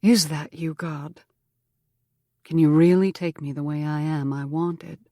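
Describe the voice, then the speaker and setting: A woman reading the part of an earnest young frontier man praying haltingly, his voice near cracking. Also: low-pitched, fairly even intonation, warm tone, no room sound, studio quality. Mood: pleading prayer. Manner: halting, heartfelt prayer. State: voice on the edge of cracking. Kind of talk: audiobook character voice.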